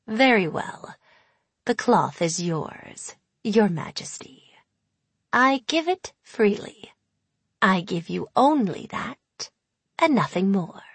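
Brief: a woman playing a menacing old hag for an audiobook, purring and slow. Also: medium pitch, animated, husky, no room sound, full character voice. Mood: grudging. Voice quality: purring, whispery. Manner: sly, deliberate, cold. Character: ancient sly female hag, cold and menacing. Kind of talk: audiobook character voice.

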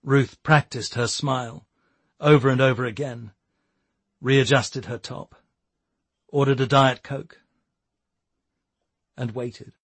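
A man narrating a novel in a measured storytelling voice. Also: medium pitch, steady tone, slightly rough, no room sound. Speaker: audiobook narrator. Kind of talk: scripted narration.

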